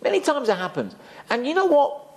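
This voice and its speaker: A man's voice: very high-pitched, huge pitch swings, fairly quick, a little mellow. A man giving an emphatic Torah class, dropping Hebrew terms into his talk. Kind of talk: sermon. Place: community synagogue hall.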